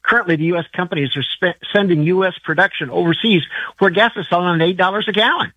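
Fast-talking male caller on the phone. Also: sits high, bright, forceful tone, husky, dry recording. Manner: urgent, pressing a demand. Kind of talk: call-in radio comment. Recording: muffled phone line.

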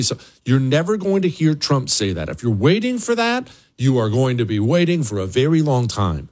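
A man's voice: medium pitch, sing-song, moderate pace, dry recording. A man hosting a radio talk show, giving a blunt, emphatic monologue with sarcastic asides. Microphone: studio microphone.

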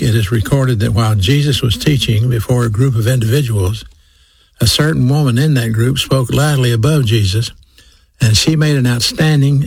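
Husky gravelly man preaching a sermon. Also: medium pitch, a little mellow, no room sound. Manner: slows and stresses key phrases, repeats for emphasis.

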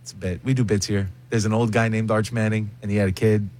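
A man's voice: fairly low pitch, level tone, quick pace, darkish tone, slight background noise. A man co-hosting a talk show in casual chat, blunt and teasing as he argues his point. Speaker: co-host.

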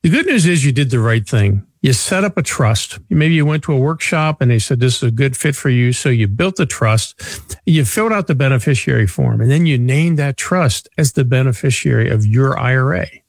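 A man's voice: mid-range voice, animated, normal speed, breathy edge, no room sound. A man in his sixties hosting a radio talk show, a chatty, self-deprecating storyteller. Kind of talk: casual radio chat.

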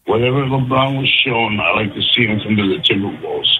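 A man calling into a sports radio show, an excitable fan. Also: on the low side, fast talker, phone-quality sound, noisy background. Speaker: radio caller. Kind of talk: call-in talk radio.

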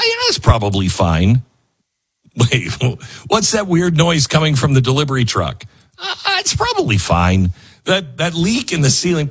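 A man's voice: medium pitch, husky. A man hosting a talk radio show, rambling and self-mocking as he reads ads and reacts to headlines. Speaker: radio host.

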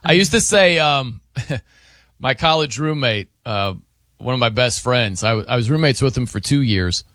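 A man's voice: mid-range voice, expressive, unhurried, fairly bright tone, no echo, clean studio sound. A middle-aged man hosting a radio show in casual chat, laughing often and mimicking how people say words.

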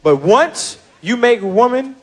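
A man's voice: extremely high pitch, a little slow, slightly rough. A man doing stand-up comedy, talking energetically and straight at the women in the audience. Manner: energetic, addresses the audience directly.

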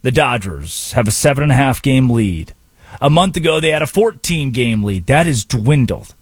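A man's voice: mid-range voice, normal speed, husky, no room sound. A man hosting a sports talk radio show, arguing his points emphatically in a monologue. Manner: emphatic, animated, argumentative.

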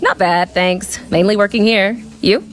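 A woman's voice: mid-range voice, a little slow, lightly acted. A woman playing a friendly young female barista in a comedic ad, polite and easygoing. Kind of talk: comedic radio ad. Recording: ad with music behind.

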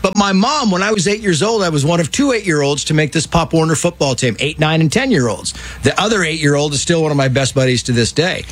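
Husky older man telling stories. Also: on the high side, fast, few pauses. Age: 60s. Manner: animated, vivid storyteller. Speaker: guest. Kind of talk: casual storytelling.

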